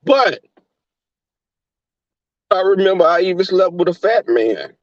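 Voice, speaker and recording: Southern guy on a livestream, high voice, camp and cussing a lot, muffled lo-fi audio. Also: big pitch swings, measured pace, dry recording. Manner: brash, profane, camp storytelling. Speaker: livestream host. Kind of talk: casual chat with live viewers.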